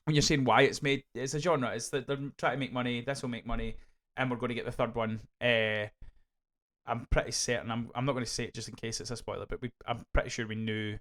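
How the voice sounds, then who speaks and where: A Scottish man co-hosting a podcast, reviewing a film in casual, animated chat full of swearing and restarts. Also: medium pitch, fast talker. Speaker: podcast co-host.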